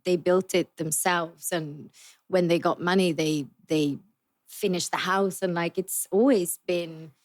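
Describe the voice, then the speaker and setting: A woman's voice: fairly low pitch, fairly even intonation, measured pace. A woman from Sweden speaking polished English with a Swedish lilt, chatting casually as a podcast guest and laughing often. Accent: Swedish-tinged polished English. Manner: giggly, easygoing, laughs often. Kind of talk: casual chat.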